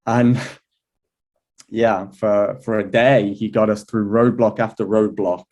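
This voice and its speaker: A man, an astrology teacher, telling a personal story in a relaxed, chatty way, with many fillers, restarts and an occasional laugh. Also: lowish voice, takes it slowly. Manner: laughs now and then. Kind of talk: relaxed anecdotal talk.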